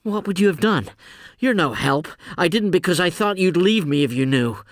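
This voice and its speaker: A male audiobook narrator voicing a bitter, pregnant young woman who is hurt and contemptuous, her voice shrill and close to hysteria. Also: animated, moderate pace, dry recording. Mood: hysterical. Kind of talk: audiobook character reading.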